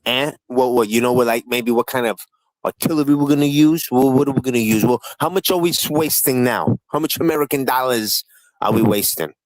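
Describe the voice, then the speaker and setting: A man running a casual live-stream panel, firing off profane, needling questions at the others. His voice sits at an ordinary middle pitch. The sound is close and dry, with no room echo. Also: brisk.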